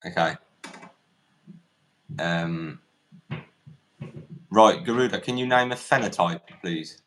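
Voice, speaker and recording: A man's voice: sits low, takes it slowly, a bit bright. A man hosting an online debate, asking pointed questions with frequent restarts. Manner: probing, repetitive questioning with restarts. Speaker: debate host.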